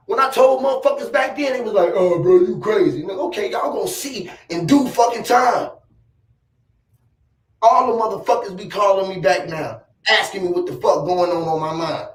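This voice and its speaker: A man's voice: high voice, animated, normal speed, fairly bright tone, recorded from a distance. A man ranting to camera in a vlog, boastful, profane and rambling, with heavy emphasis. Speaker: vlogger. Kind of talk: casual rant to camera. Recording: roomy echo, off-mic.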